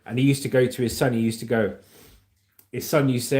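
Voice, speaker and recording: A man hosts a relaxed livestream, reading out viewers' comments and laughing along. His voice sits at an ordinary middle pitch. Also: fast talker. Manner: reads chat aloud, laughs often. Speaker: livestream host. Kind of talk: casual livestream chat.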